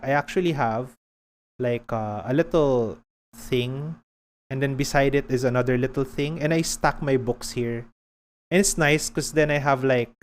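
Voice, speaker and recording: A man's voice: medium pitch, slight background noise. Chatty Filipino man streaming a game. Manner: chatty, rambling, laughs often. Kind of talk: casual stream chat.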